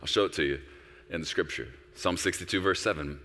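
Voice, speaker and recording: A man preaching a sermon as a pastor, animated and conversational, acting out quoted voices. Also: sits low, a little fast, in a large hall.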